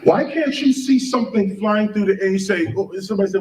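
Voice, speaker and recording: A man with a high, fast, somewhat dark voice lectures an audience, firing off questions and spelling words out letter by letter. He's recorded from a distance in a large, roomy space.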